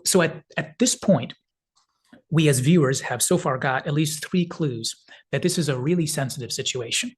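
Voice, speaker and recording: Husky-voiced man retelling a film scene. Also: medium pitch. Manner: rambling retelling full of "kind of" hedges. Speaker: film analysis video host. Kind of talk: casual video essay narration.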